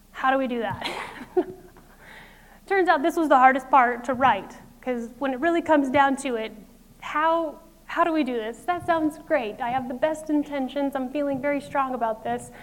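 High-voiced woman preaching a lively sermon. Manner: lively, conversational, acts out inner voices with laughs. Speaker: pastor.

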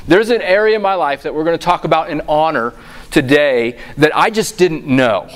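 Animated storytelling pastor, man. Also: fairly high pitch, moderate pace. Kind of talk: sermon.

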